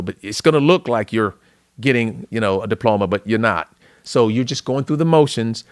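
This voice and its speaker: A middle-aged man from Louisiana, a podcast guest, telling an emotional personal story in an earnest, animated way. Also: mid-range voice, no echo, clean studio sound. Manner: earnest, tearful at moments, animated retelling.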